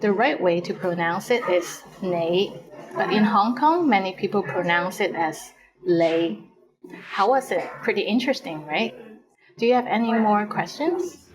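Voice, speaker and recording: A woman teacher presenting a scripted language lesson in a clear, explanatory way. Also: mid-range voice, lively intonation, normal speed, crowd noise, poor audio.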